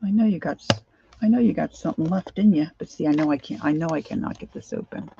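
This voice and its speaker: A woman's voice: sits low, fast talker, creaky, dull audio, noisy background. A middle-aged woman chatting casually to herself and her viewers while she crafts at home, rambling from one thought to the next. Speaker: craft vlogger.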